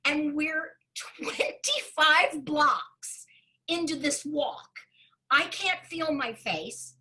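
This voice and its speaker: A Broadway performer telling an animated story with a lot of expression, acting out the voices of the people in it. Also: female voice, high voice, very slow, low-quality recording. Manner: expressive storyteller who acts out quoted voices, often laughing.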